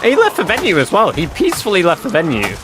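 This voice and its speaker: A man's voice: sits high, wildly swooping pitch, quick pace, noisy background. Man telling a sweary story. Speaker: game streamer. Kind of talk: casual livestream chat. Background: game music.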